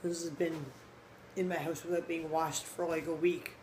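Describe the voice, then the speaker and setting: A woman's voice: low-pitched, level tone, normal speed, darkish tone, slight background noise, poor audio. A tired woman doing a casual food-tasting vlog at home, blunt and candid, talking with her mouth full into a phone camera. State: tired late at night. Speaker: food vlogger. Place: home, indoors.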